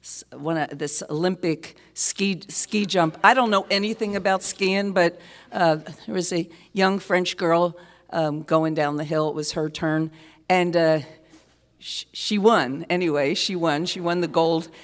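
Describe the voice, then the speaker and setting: A woman's voice: lowish voice, fairly even intonation. Tired woman rambling onstage, concert hall. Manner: rambling, halting, many filler pauses; wry, self-mocking humor. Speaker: singer-songwriter performing live. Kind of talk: stage banter between songs. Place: live concert stage in a hall. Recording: live concert hall reverb with band music.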